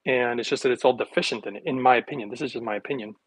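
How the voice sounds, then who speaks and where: A man hosting a health livestream, chatting casually and rambling with sarcastic asides while making a smoothie in his kitchen, recorded on a phone. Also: medium pitch, rapid-fire.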